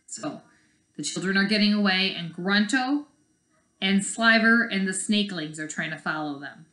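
Woman teacher, storybook read-aloud, bright voice, explanatory asides, echoey room. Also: mid-range voice, moderate pace. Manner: explains the story as she reads. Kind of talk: reading a chapter book aloud with asides.

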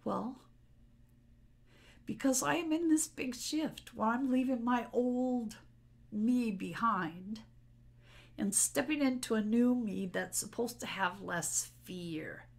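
A woman's voice: fairly high pitch, takes it slowly, creaky, pauses often. A middle-aged woman talking unscripted to her camera at home, rambling in a candid, personal way. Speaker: spiritual vlogger. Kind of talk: unscripted solo talk to camera. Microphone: camera mic.

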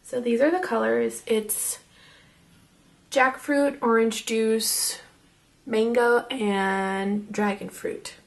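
A young woman casually reviewing makeup as she swatches it, chatty and excitable and half losing her voice. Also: on the high side, slow pace, vocal fry. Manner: chatty and excitable, drops to whispers. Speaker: beauty vlogger.

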